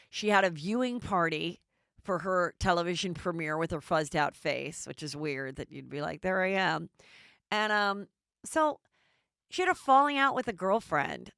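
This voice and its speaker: A middle-aged woman hosting a podcast, recapping reality TV in a chatty, animated way. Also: lowish voice, no room sound, studio quality. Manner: chatty, animated, does voices. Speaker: podcast host.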